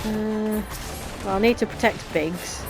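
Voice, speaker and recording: A woman's voice: medium pitch, measured pace, vocal fry, over music, low-quality recording. A woman with a Yorkshire accent chatting and rambling through casual gameplay commentary. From Yorkshire, England. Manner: chatty and rambling, with restarts and British slang. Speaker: let's play gamer.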